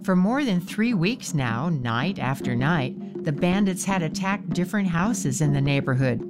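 A woman narrating a scripted family story in a calm, measured way. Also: deep voice. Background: guitar music.

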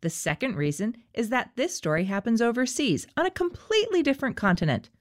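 A woman's voice: on the high side, big pitch swings, fairly quick. A woman co-hosting a scripted children's story program, cheerful and playful. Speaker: co-host.

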